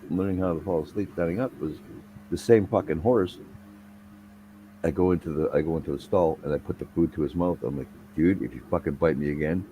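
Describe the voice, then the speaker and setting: Young guy, booming low voice, swearing storyteller, laid-back chat. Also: lo-fi sound, a little hiss or hum. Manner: profane, rambling anecdotal delivery.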